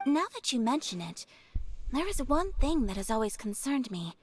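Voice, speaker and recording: A man voicing a calm, calculating noble strategist in a game, measured and composed. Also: extremely high pitch, soft background music.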